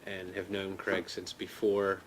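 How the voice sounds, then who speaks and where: A man hosting a talk show, chatting calmly with his guest. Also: deep voice, a little slow, a little hiss or hum. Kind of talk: casual interview chat.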